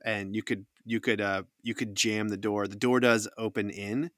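A man's voice: on the low side, steady tone, normal speed, fairly bright tone, no room sound, clean studio sound. A man narrating as game master of a tabletop game, hesitant and full of restarts. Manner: hesitant, many fillers and restarts.

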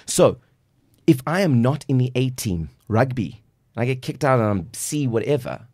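A man's voice: mid-range voice, big pitch swings, normal speed, darkish tone, no room sound, clean studio sound. A man from South Africa, a guest life coach on a podcast, talking in an emphatic, preachy way and acting out little quotes. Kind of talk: casual podcast conversation.

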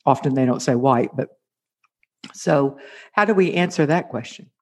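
A man hosting a casual advice conversation, posing questions in a measured, thoughtful way. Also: mid-range voice, a little mellow. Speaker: host. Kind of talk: casual interview talk.

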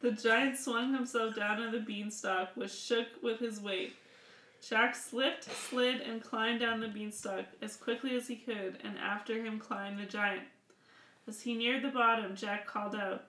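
A woman narrating a fairy tale in a measured storybook delivery, her voice sitting a little high. The room around her is echoey, and she chats and laughs easily between readings. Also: steady tone, pushed and bright. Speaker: storyteller and podcast host.

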